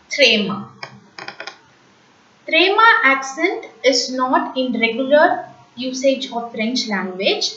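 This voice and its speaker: Woman, high voice, unhurried language teacher who repeats terms for beginners; distant, dull lo-fi recording. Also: a bit bright, reverberant. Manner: slow, patient, repeats words for learners to copy. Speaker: French teacher.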